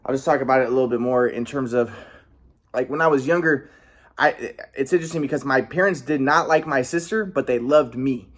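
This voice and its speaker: A man's voice: mid-range voice, brisk. Rambling, boastful man talking to camera. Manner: rambling and boastful, many restarts and throat clearing. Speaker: vlogger. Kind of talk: casual monologue.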